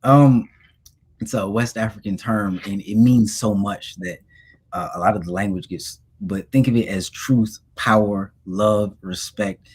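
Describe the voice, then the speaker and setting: A young man speaking as a guest on a livestream, earnest and relaxed, with casual slang. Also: lowish voice, measured pace, husky. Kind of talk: informal lecture and chat.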